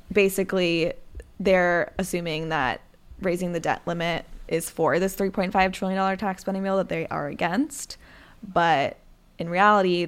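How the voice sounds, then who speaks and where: Low, gravelly young woman explaining the news. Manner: reads facts plainly, then adds dry remarks. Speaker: podcast co-host.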